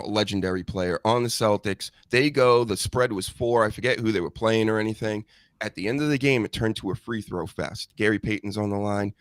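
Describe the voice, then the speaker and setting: A man hosting a podcast, ranting in an animated, sarcastic, profane way. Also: fairly low pitch, no echo, studio quality. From United States. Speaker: podcast host. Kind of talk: casual ranting chat.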